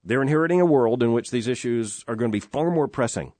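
Middle-aged man, radio host, earnest and emphatic, studio mic, dry close sound, mid pitch. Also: lively intonation, fast, a little mellow, no echo. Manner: earnest and emphatic, with frequent "uh" fillers. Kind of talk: reflective radio talk. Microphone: studio microphone.

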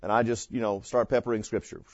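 A man's voice: fairly low pitch, level tone, fast talker, dry recording. Man, class instructor, conversational lecture, rhetorical questions, muffled lo-fi sound, dry. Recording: dull dry lo-fi lecture recording.

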